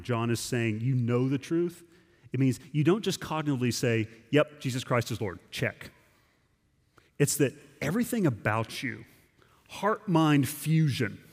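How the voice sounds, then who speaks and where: A pastor preaches in a loose, emphatic way and often circles back to restart a thought. His voice sits at an ordinary middle pitch for a man. It carries a long reverb from the church sanctuary. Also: a little mellow. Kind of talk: sermon.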